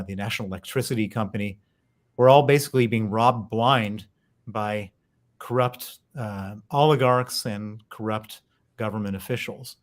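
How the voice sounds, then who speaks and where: A man in his fifties with an American accent, a guest telling his story fluently in an interview. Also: on the low side. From United States. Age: 50s. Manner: fluent storyteller with some restarts. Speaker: guest, author and investor.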